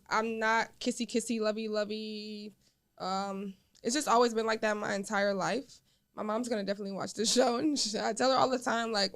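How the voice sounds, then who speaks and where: A young woman, a podcast guest, chatting casually and telling stories animatedly, acting out what people said. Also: mid-range voice. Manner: animated storyteller, acting out quotes.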